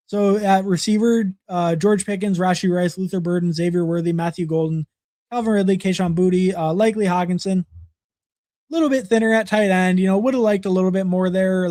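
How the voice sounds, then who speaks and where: High-voiced man rambling on a livestream. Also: darkish tone, no room sound, clean studio sound. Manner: rambling, repeats words, many fillers. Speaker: livestream host reviewing fantasy football drafts. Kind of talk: casual livestream commentary.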